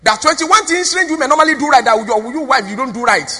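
A woman with a Nigerian accent preaches in a very high, bright voice, pressing the congregation with repeated questions. Her sermon rings out with the long reverb of a church hall. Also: expressive, quick pace, husky. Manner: exhorting, call-and-response with the crowd. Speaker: preacher, pastor's wife.

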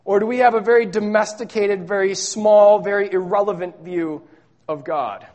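A man delivering a sermon with a lot of dynamic range, pushing key words out loud and then sinking into quiet, low-voiced lines. He repeats words for weight and reads scripture in the same emphatic preaching manner. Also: steady tone, moderate pace. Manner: emphatic, swinging between loud stresses and hushed low lines. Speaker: pastor.

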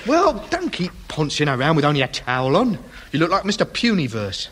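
An actor playing Ken, a brash, cheeky young lodger in a radio sitcom. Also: male voice, fairly high pitch, wildly swooping pitch, fairly quick, a crowd in the background.

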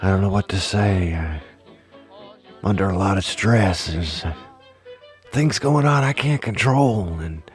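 A man doing a comedic impression of a nervous, rambling elderly male politician, speaking in halting stops and starts. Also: low-pitched, soft background music. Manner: halting, stop-start delivery. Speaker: podcast co-host.

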